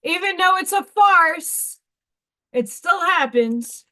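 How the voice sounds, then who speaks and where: A woman hosting a craft livestream, chatting casually and excitedly while she works and talks to herself. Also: extremely high pitch, takes it slowly. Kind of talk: casual live-stream chat while crafting.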